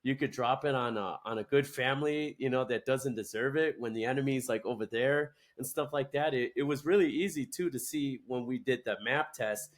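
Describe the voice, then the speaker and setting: A man's voice: medium pitch, brisk, few pauses. A young adult man, a guest in a chat, speaking hesitantly with many restarts and fillers. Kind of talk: casual chat.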